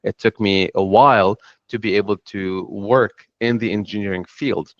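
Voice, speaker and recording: Telling his own story on a panel, this middle-aged man from Lebanon has a Lebanese accent and an earnest, reflective manner. His voice sits on the low side and is a bit bright, with fairly even intonation at a normal speed. The recording is dull and dry, without echo.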